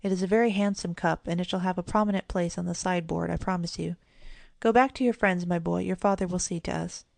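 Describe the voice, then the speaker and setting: A woman voicing a gentle, warm-hearted mother in a storybook, speaking softly. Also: lowish voice, steady tone, fast talker, gravelly, no room sound. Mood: motherly. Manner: soft, motherly.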